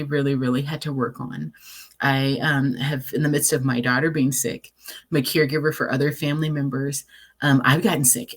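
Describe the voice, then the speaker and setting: A woman's voice: sits low, breathy edge. A woman life coach giving a recorded encouraging presentation, earnest and conversational, reading affirmations aloud with the odd repeat and filler.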